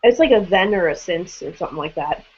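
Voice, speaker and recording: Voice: mid-range voice, expressive, quick pace, a little mellow. Easygoing person on a muffled video call, agrees a lot, lots of mm-hmms. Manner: agreeable, frequent "mm-hmm"s. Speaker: Bible study participant. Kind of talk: casual discussion.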